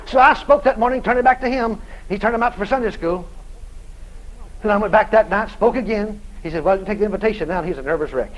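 A man's voice: high-pitched, fast talker, slight background noise, rough recording. A male preacher telling a story in a sermon, laughing often and acting out every voice in it. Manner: animated, laughing storyteller who acts out the voices in his story.

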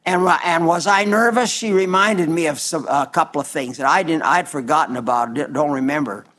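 A man in his nineties, a pastor giving a broadcast sermon and reading viewer letters, slow and earnest, dwelling on repeated words. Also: on the high side, a bit bright. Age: 90s. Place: South Dakota.

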